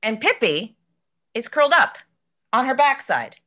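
Woman doing solo comedy onstage, bright higher voice, lots of ups and downs. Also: measured pace. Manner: animated, swinging from storytelling to shouting. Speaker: solo performer. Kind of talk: solo comedy stage performance.

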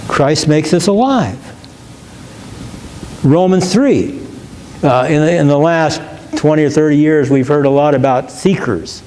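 A pastor in a church, earnestly teaching. His voice sits a little high for a man, yet it sounds dark and mellow. He stresses key words slowly and often restarts his phrases as he thinks. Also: a little hiss or hum. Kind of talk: question-and-answer teaching.

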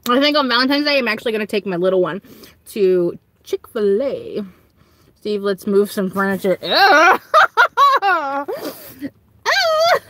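Chatting casually from home on a livestream, a young Southern US woman giggles and slips into high, squealing quotes. She talks at a moderate pace.

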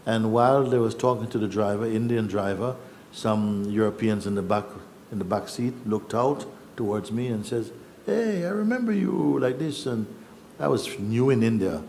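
A man telling a personal story in a reflective, halting way, acting out what others said. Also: fairly low pitch, steady tone, darkish tone, a little hiss or hum. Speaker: spiritual teacher.

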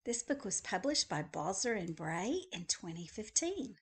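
A woman librarian reading a picture book aloud to young children in a gentle, friendly way. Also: mid-range voice, very animated, unhurried, husky. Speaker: school librarian. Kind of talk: children's story read-aloud.

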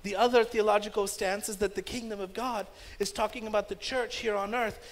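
A man pastor preaching a sermon emphatically, with loud stresses that drop into hushed asides. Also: sits high, steady tone, fairly quick. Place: church sanctuary. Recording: long church-hall reverb.

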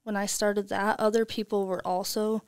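A woman co-hosting a podcast in relaxed casual chat. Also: medium pitch, moderate pace, smooth, dry recording, clean studio sound. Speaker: podcast co-host.

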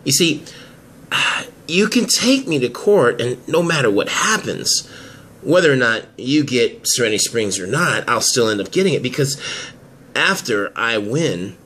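A smug, menacing schemer, played by a man in a home-made audio drama. He drawls slowly with a bright, lively voice and keeps chuckling between lines. A faint hum of room noise sits behind him. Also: mid-range voice. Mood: gloating. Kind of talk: hobby audio drama acting.

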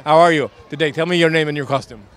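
This street interviewer speaks fast in a fairly bright, high-leaning voice with fairly even intonation, sounding close to everyday speech. Playing a Transylvanian count who claims business credentials, he reassures children in broken English at an outdoor Halloween parade.

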